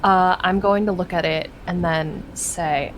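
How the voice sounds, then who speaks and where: A woman's voice: on the low side, fairly even intonation, measured pace, slight background noise, rough recording. A woman playing a tabletop game, describing her actions hesitantly with many fillers. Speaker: player.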